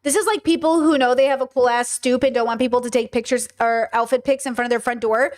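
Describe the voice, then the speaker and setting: A woman in her thirties hosting a live stream, chatting with viewers in an animated way full of rhetorical questions. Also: on the high side, fast. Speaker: streamer and podcast host. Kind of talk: casual live-stream commentary.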